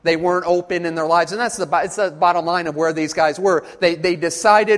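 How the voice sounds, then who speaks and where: Man, preacher, sermon, high voice, emphatic, repeats phrases, questions the audience, church camp, long hall reverb. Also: brisk, few pauses. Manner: emphatic, repetitive, quizzes the audience.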